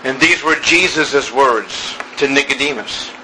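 A man preaching an evening sermon, slow and emphatic, building through repeated phrases. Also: medium pitch, noisy background.

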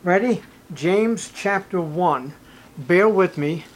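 Older man, emotional sermon, high-pitched, faint background noise. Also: expressive, slow pace. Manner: preaching with rising emotional intensity, reading scripture aloud. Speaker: pastor.

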